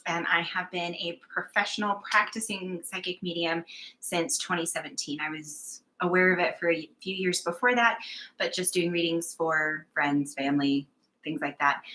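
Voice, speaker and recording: A woman's voice: lowish voice, pushed and bright, rough recording. A woman working as a psychic medium, telling her experiences in a candid, chatty, self-mocking way as a guest. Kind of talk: casual conversational storytelling.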